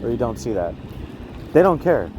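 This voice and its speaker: A man's voice: mid-range voice, very animated, normal speed, background noise. Agitated man rambling on a street. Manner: agitated, repetitive, keeps asking the viewer "you see that?". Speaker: vlogger. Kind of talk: rambling self-filmed monologue.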